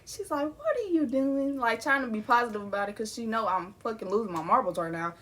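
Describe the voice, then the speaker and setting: Speaking fast in a mid-range voice that sounds pushed and bright, a young woman tells her viewers a personal story in a storytime vlog. She's casual and candid, addresses them as y'all, and laughs now and then even through her grief.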